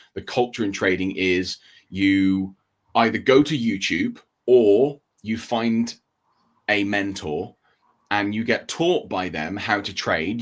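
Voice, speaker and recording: Male livestream co-host, lower pitch, calm explainer, casual. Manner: steady explaining, checks in with "okay?" and "right?".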